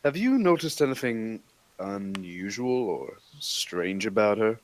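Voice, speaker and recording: A man's voice: on the low side, sing-song, measured pace. A man reading a formal federal agent questioning a witness. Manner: formal, official.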